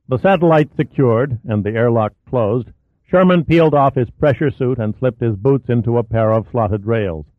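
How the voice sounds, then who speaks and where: A man narrates a thriller novel in an even, clear voice of middle pitch. The sound is thin and phone-like. There is no room echo. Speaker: audiobook narrator. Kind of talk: scripted narration. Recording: dry, thin phone-like audio.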